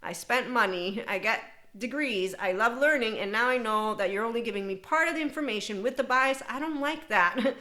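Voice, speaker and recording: A middle-aged woman hosting a podcast, talking in an animated, unscripted monologue, laughing often and slipping into quoted voices. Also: a little high, normal speed. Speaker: podcast host.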